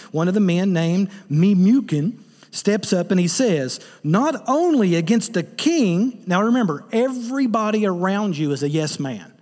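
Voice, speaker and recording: A man preaching a sermon, telling the story with jokes and animated asides. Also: high-pitched, in a large hall. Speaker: pastor.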